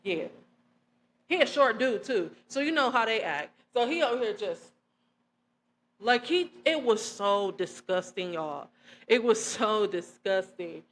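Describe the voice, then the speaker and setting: A young woman vlogger telling a personal testimony to her viewers in an animated, emphatic way, often calling them y'all. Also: medium pitch, unhurried, slight background noise. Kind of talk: casual storytelling to camera.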